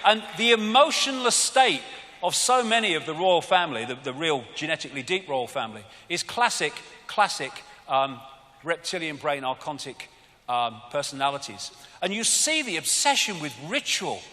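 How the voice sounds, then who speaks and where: A British man giving a live arena talk, animated and mocking, often swearing. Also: a little high, moderate pace. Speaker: public speaker. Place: large arena. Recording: arena reverb with faint crowd.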